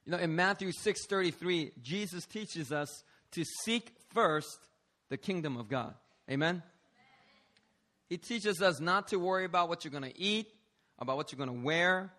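A man preaching a lively, playful sermon, calling out to the congregation for responses. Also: on the high side, moderate pace. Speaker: pastor.

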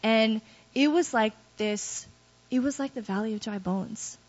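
A somewhat high-pitched woman tells her church testimony in a candid, self-mocking way. The recording sounds dull and lo-fi. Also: measured pace. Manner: candid, self-deprecating storytelling with laughs. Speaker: guest speaker giving testimony.

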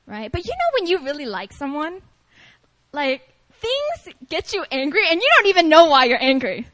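Lively high-voiced woman preacher. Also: moderate pace, low-quality recording. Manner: animated, playful, asks the audience to respond. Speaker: preacher at a prayer meeting. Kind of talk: lively conversational sermon.

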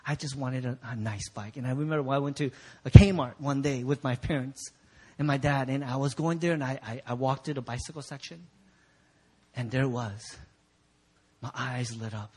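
A man's voice: mid-range voice, moderate pace, darkish tone, slightly rough. A Korean-born male pastor preaching a sermon, telling a childhood story and acting out its scenes with big swings in voice. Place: church sanctuary.

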